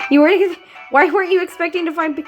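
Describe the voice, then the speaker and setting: A woman giving casual, giggly commentary while playing a game, gushing over how cute it is. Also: very high voice. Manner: giggly, gushing, excitable reactions. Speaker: gaming video creator.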